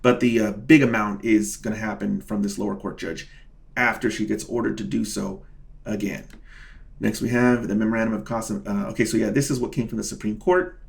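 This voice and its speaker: In a fairly low, creaky voice with a steady tone, a self-represented litigant briskly explains his court filings to his vlog audience. He stays casual yet indignant, hammers key words through repetition, and keeps talking directly to viewers as "guys."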